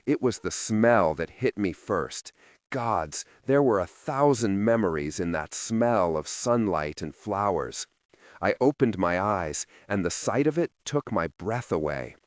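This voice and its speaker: A man narrating a fantasy novel in the first person, in a soft, measured and emotive way. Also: on the low side, lively intonation, no echo, clean studio sound. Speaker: audiobook narrator.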